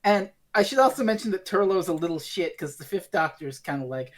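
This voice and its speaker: A man co-hosting a podcast, chatting casually about a TV serial, animated and swearing freely as he acts out quotes. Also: high-pitched, brisk. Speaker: podcast co-host. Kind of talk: casual review chat.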